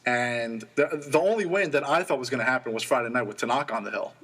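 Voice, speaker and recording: Fast, stat-reciting young sports host. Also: male voice, mid-range voice, a bit bright, husky. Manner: quick, stat-heavy, enthusiastic. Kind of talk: college radio sports talk.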